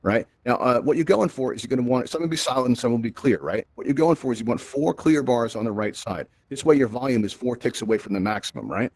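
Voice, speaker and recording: A man's voice: mid-range voice, fast, hardly any pauses, no echo. A man presenting to a live audience in a virtual reality space, talking energetically through a headset microphone and checking in with "right?" after nearly every point. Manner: energetic, peppered with "right?" and "all right?". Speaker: event presenter.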